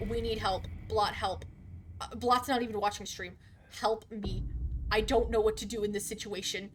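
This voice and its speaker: A young adult woman streaming a game live, chatting casually and swearing constantly, with loud outbursts. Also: medium pitch, steady tone, normal speed, a little hiss or hum. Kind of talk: casual gaming livestream chat.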